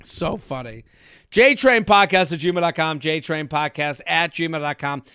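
A man's voice: a little high, unhurried, smooth, dry recording, studio quality. A man hosting a comedy podcast, telling stories animatedly and acting out quotes. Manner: animated storyteller, acts out quotes. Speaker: podcast host.

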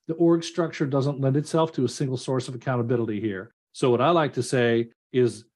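A man's voice: mid-range voice, darkish tone. A man co-hosting a business podcast, explaining steadily with dry humor. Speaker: podcast co-host.

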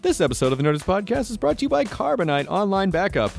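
A male podcast host who rambles and jokes, stumbling through quick restarts. His voice sits a little high for a man, with soft music underneath. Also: big pitch swings, vocal fry. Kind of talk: casual chat and live-read ad.

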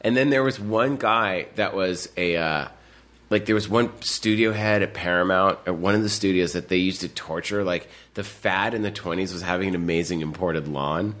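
A man, a guest filmmaker, telling rambling, animated anecdotes in casual chat, full of fillers and restarts. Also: low voice, normal speed.

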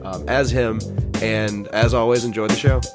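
Easygoing podcast host. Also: male voice, fairly low pitch, moderate pace, gravelly, over music. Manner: relaxed, chatty, lots of "like". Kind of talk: casual podcast chat.

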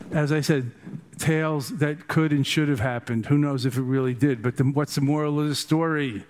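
A man's voice: fairly high pitch, fairly even intonation, moderate pace, a little mellow. An older man, a meditation teacher, giving a dharma talk full of humorous, rambling stories.

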